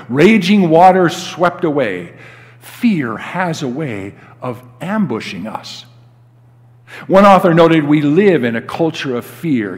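Older male pastor preaching in a church hall. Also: a little high. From United States. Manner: storytelling, acts out quoted dialogue with rising emphasis. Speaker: guest pastor. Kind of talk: sermon. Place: church sanctuary. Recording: long hall reverb.

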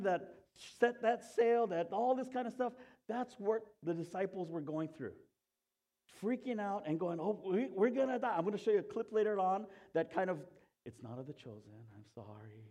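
A man preaches a sermon in a conversational, animated way. He drops to hushed tones and rises to loud ones. His voice is husky and sits a little high. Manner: conversational, asks the congregation "Okay?". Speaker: pastor.

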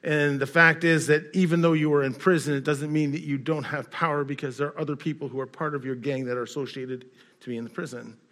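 Male pastor, slightly high voice, preaches through a story, swings loud to soft. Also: steady tone, fast talker. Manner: storytelling, rising loud and high in quoted scenes, dropping quiet in reflection. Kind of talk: sermon.

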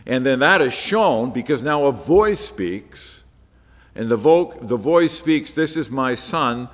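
A man's voice: medium pitch, expressive, takes it slowly. Preacher man in a reverberant hall. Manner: conversational, explaining step by step. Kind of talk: Bible-teaching sermon.

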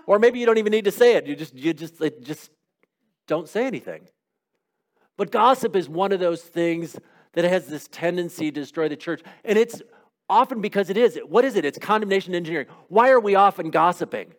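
A man's voice: sits high, animated, brisk. A middle-aged man preaching a sermon in a conversational way, asking rhetorical questions and acting out little quotes. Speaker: pastor.

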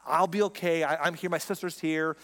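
A man's voice: a little high, steady tone, a little fast, a bit bright, in a large hall. A man voicing a young man who fakes sickness and wearily sends his servants away. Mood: weary. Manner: weary, brushing people off.

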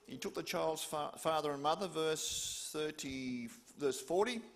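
A man's voice: a little high, a little slow. A man preaching, retelling a story with questions to his listeners. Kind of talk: storytelling sermon.

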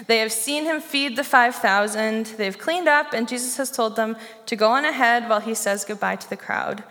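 A woman's voice: on the high side, fairly bright tone. Young woman preaching in a reverberant hall. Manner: conversational, with rhetorical questions to listeners. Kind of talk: sermon. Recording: long reverb of a large hall.

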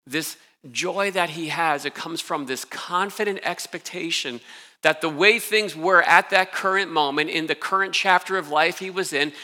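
Man preaching, bright and forceful voice, slightly raised pitch, earnest and emphatic, long hall reverb. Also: normal speed. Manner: earnest, emphatic, with frequent restarts. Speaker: pastor. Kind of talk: sermon.

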